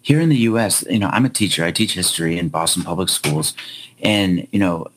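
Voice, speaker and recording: A man's voice: deep voice, brisk, slight background noise, poor audio. A man who teaches history, speaking as a podcast guest in an earnest, emphatic way. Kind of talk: casual podcast discussion.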